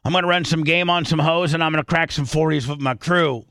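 A man's voice: a little high, steady tone, quick pace, fairly bright tone, no echo. A man hosting a radio show, rambling through casual studio talk with lots of restarts and half-sung rap lyrics. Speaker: radio host.

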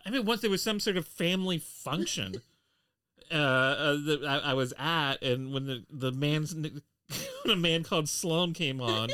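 A man in his fifties co-hosting a podcast, teasing his co-host in a dry, deadpan way. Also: a little high, a little slow, smooth. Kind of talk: casual comedic chat.

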